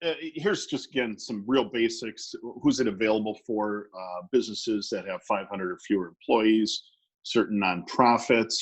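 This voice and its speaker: A man's voice: lowish voice, husky, low-quality recording. A man who works as a business lawyer, presenting a webinar in a conversational way with many fillers and restarts.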